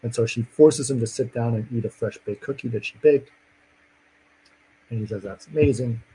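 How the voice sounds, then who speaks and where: A man's voice: medium pitch, moderate pace, dark tone, slight background noise, rough recording. A man in casual chat, rambling through a movie plot with lots of fillers and acted-out lines. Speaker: podcast co-host recapping a movie.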